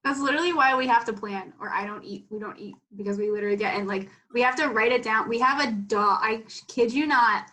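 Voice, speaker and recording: A woman's voice: a little high, fast, hardly any pauses, bright, forceful tone. A woman co-hosting a podcast, chatting casually in an easygoing way, laughing along. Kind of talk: casual chat.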